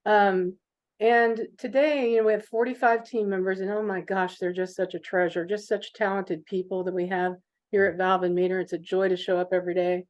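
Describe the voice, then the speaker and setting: A middle-aged woman, a business owner, telling stories in a chatty, animated interview manner. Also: mid-range voice, fairly quick. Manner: animated storyteller, chatty with fillers. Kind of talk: conversational interview storytelling. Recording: dull lo-fi recording.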